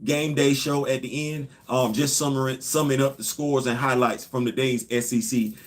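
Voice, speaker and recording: Speaking at a normal speed in a mid-range voice with fairly even intonation, a man hosts a casual livestream. He addresses viewers directly and keeps hammering his points through emphatic repetition.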